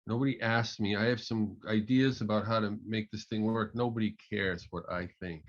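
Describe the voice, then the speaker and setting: A curt, resentful male architect with a Russian accent, speaking low and flat. A man puts him on inside a story, and the voice has the muffled sound of an online call. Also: normal speed, close to an everyday voice. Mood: blunt, bitter. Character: blunt, bitter male senior software architect.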